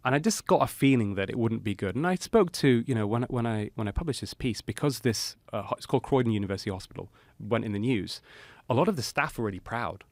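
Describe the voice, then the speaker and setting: A middle-aged man, a cardiologist guest on a podcast, tells a story in an animated way, with many "you know" fillers. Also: medium pitch, quick pace, no echo.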